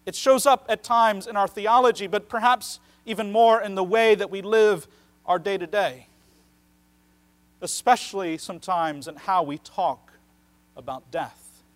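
A pastor delivers a sermon in a notably high voice. He speaks earnestly, drawing out key phrases for emphasis. His loudness swings widely between loud stresses and hushed asides.

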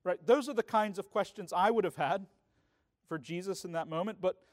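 A man's voice: high-pitched, normal speed, darkish tone. A man preaching a sermon as pastor, in a conversational way that keeps checking in with the congregation. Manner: conversational preaching, often asking "right?".

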